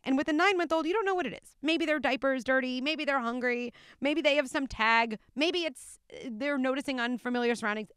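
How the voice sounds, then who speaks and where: A woman who is an expert guest on a podcast, giving careful, measured explanations. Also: a little high, a bit bright, smooth, no room sound, studio quality. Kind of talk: conversational interview.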